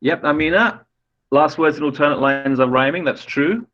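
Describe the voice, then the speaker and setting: A man's voice: a little high, moderate pace, a bit bright, highs cut off. A man lecturing on poetry in an online class, explaining patiently, often restarting phrases and asking students questions. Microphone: video call.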